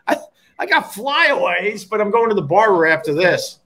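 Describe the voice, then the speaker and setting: A middle-aged man hosting a casual beer chat, loud, joking and swearing freely. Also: high voice, big pitch swings, normal speed. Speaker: host.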